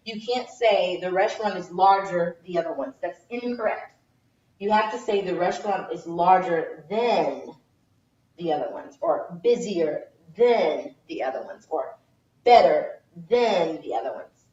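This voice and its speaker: Lively woman teaching English grammar. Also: lowish voice, roomy sound, muffled recording. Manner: lively, stresses example words slowly. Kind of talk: classroom grammar lesson. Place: classroom, moving between boards.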